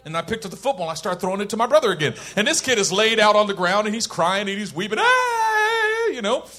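A man preaching a sermon, shifting between loud emphasis and quiet intensity, and laughing as he tells a personal story. He grew up in Oakland, California. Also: high voice, rapid-fire.

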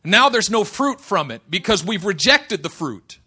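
A man preaching with a high, bright voice, swinging between quiet, intimate passages and ringing declarations. He quotes scripture with fervor and breaks it up with folksy, joking asides. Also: sing-song, normal speed, slightly rough. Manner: impassioned, swings from hushed to loud, quotes scripture; folksy humor, colloquial asides. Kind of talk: sermon.

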